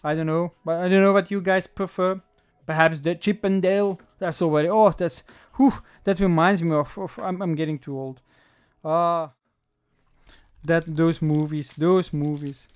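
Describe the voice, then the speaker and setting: Smooth-voiced chatty card stream host. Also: mid-range voice, fairly even intonation, normal speed. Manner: chatty, talks to viewers and reads the chat aloud; thinks aloud with small self-corrections. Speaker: livestream host selling trading card packs. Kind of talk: casual livestream chat while opening packs.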